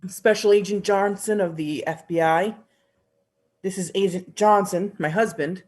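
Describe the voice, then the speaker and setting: A woman's voice: mid-range voice, unhurried, a little mellow, close to an everyday voice. A woman reading a smug federal agent who brushes off the local police in a comedic staged reading. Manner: dismissive, flirty with her partner.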